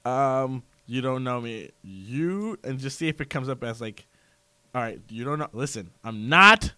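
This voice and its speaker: A man's voice: mid-range voice, unhurried, clear, resonant tone, dry recording. A man co-hosting a podcast in casual banter, telling stories with lots of laughter. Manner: laughing, animated storytelling. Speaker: podcast co-host.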